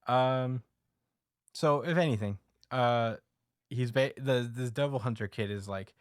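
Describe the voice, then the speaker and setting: A man's voice: medium pitch, measured pace, clean tone, no room sound, clean studio sound. A young man hosting a podcast, casually recapping a comic in a laid-back, slangy way with frequent laughs. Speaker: podcast host.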